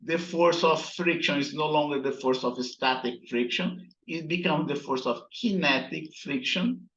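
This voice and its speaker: A man gives a physics lecture at a slow, deliberate pace, stopping often to ask his students "right?" while he edits his slides. The recording sounds roomy and echoey, with a dull, muffled tone. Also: fairly high pitch, fairly bright tone, slight background noise. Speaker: physics instructor.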